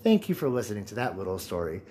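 A man's voice: fairly low pitch, huge pitch swings, fast, dark tone, slight background noise. A man in his late twenties hosting a casual solo podcast, telling jokes and laughing at his own punchlines. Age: 20s. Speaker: podcast host.

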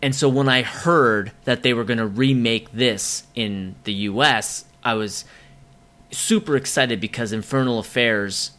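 A man co-hosts a casual movie podcast in a bright, forceful voice at an ordinary middle pitch, speaking at a measured pace. He's excited, swears freely, and uses plenty of ums.

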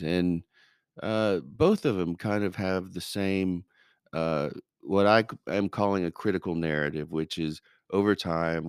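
A man co-hosting a podcast, explaining critical reception in a measured, hesitant way with many pauses. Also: low voice, clean tone, no echo, studio quality. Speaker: podcast co-host. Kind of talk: casual discussion.

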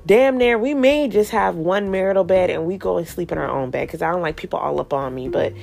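Chatty woman recapping a show, kinda low and gravelly, swears a lot, acts out the lines. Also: a little fast, a little mellow, a little hiss or hum. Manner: chatty, slangy, swears freely; retells scenes acting out characters' lines. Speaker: podcast host recapping a TV show. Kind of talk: casual chat recap.

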